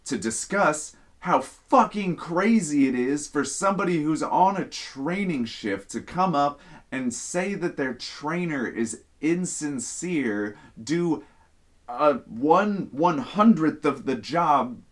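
Animated, foul-mouthed man telling a story. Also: on the high side, slow. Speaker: podcast host. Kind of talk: casual storytelling.

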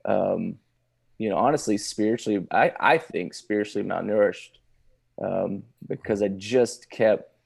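A man, a pastor telling his personal testimony in casual conversation, halting with many restarts and laughing now and then. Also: lowish voice, gravelly, a little mellow, breathy edge.

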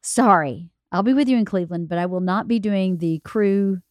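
A woman co-hosting a casual podcast, warm and teasing, laughing often. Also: mid-range voice, normal speed, no room sound, studio quality. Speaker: podcast co-host.

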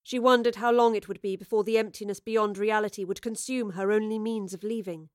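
A woman reading a dramatic story aloud in measured scripted narration. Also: mid-range voice, steady tone, a little mellow, dry recording, studio quality. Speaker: audiobook reader.

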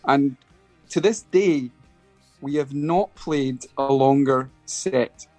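A man's voice: mid-range voice, slow pace, a little mellow, dry recording, soft background music. A middle-aged Scottish man telling a rambling story as a guest in a casual interview, often restarting his sentences. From Scotland. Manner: rambling, full of restarts and acted quotes. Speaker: guest musician.

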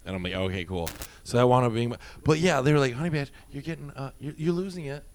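A man's voice: medium pitch, fast talker. A man who worked as a nightclub bouncer, telling stories in a casual podcast chat, swearing often and acting out what people said. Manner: profane, animated, acts out quotes.

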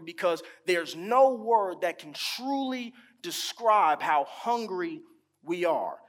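A man preaching a sermon at an unhurried, deliberate pace, stretching key words and letting pauses hang. His voice sits a little high for a man and swells when he repeats a phrase for emphasis. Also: expressive, fairly bright tone.

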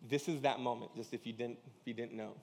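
Slangy pastor preaching in a reverberant hall. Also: male voice, medium pitch, fairly even intonation, fast, a little mellow, slight background noise. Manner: casual slangy preaching, acts out quoted dialogue. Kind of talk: sermon.

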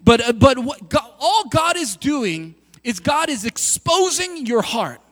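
A male pastor with a high voice preaches in a casual, animated way, acting out little back-and-forth conversations. His voice carries a long hall reverb, as if he is in a large church. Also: measured pace. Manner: animated, conversational, acts out quoted dialogue. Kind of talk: sermon.

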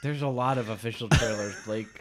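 A man's voice: lowish voice, slight background noise. A man co-hosting a casual reaction chat about a movie trailer, full of wry, teasing remarks. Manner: wry, teasing, quick jokes.

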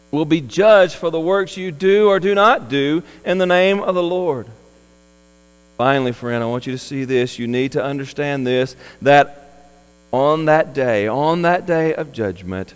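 A man's voice: on the high side, smooth, big-room sound, rough recording. A man preaching a sermon in an earnest, pleading manner that rises to impassioned emphasis. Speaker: pastor.

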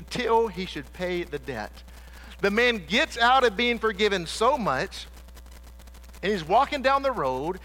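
A man's voice: sits high, bright, forceful tone, a little hiss or hum, poor audio. A man preaching a sermon to a congregation in church, emphatic and repetitive, driving points home with rhetorical questions.

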